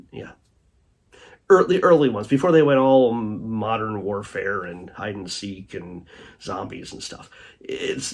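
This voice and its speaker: A man hosting a casual commentary show, rambling with many fillers and restarts, often trailing off quietly at the end of a thought. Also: lowish voice, slightly rough. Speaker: host reviewing a streaming documentary.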